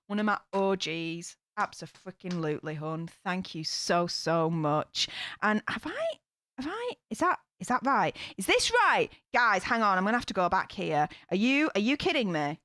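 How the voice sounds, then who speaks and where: A woman's voice: medium pitch, sing-song, normal speed, a bit bright, dry recording. A woman hosting a casual live stream, gushing with thanks to her viewers.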